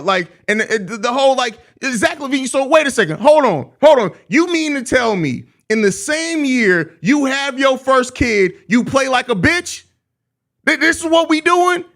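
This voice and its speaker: A young man with a very high-pitched voice delivers a live-stream postgame rant. He is exasperated and profane, and he leans on slang, drawing out his complaints again and again. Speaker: host of a live postgame show.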